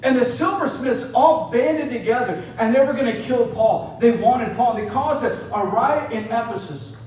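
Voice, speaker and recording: Male pastor, conversational sermon, very high voice, booming church echo, set back from the mic. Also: moderate pace, a little mellow, a little hiss or hum. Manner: storytelling, conversational, frequent "right?". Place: church hall. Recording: echoey hall, mic at a distance.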